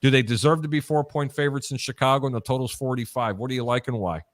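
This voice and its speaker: A male host chats through football lines and tells stories in an easy, talkative way. His voice sits at a middle pitch and sounds close and dry, with no room around it. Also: steady tone, fast talker, dry recording. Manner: chatty storyteller, mimics announcers. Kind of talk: sports betting talk show.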